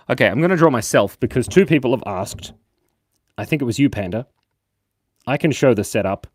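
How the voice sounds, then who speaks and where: A man's voice: mid-range voice, animated, a little fast, pauses often, dry recording, studio quality. A young Australian man hosting a casual drawing livestream, chatty and jokey, reading the chat aloud and laughing often. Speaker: livestream host and cartoonist.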